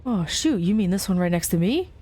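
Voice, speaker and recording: A woman's voice: fairly low pitch, expressive, a little fast, warm tone. Chatty woman reading a game aloud. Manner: chatty, giggly asides while reading story text. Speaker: let's play host. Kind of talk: casual game playthrough, reading text aloud.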